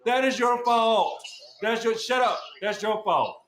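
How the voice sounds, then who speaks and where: High-pitched guy ranting and cussing on a podcast, keeps repeating himself, roomy echo. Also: a little slow. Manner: loud, scolding, repetitive and profane. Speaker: podcast host. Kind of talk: heated profane podcast rant. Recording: echoey room with faint noise.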